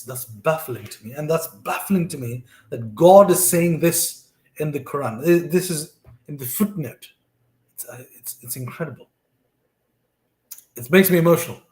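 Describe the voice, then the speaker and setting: A man's voice: mid-range voice, darkish tone, roomy sound. A man reading scripture aloud and reflecting on it, earnest and thinking aloud with frequent restarts.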